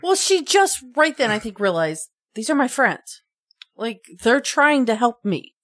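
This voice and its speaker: A woman's voice: fairly high pitch, sing-song, measured pace, a bit bright. A woman in casual chat about a fantasy movie, laughing often as she chimes in.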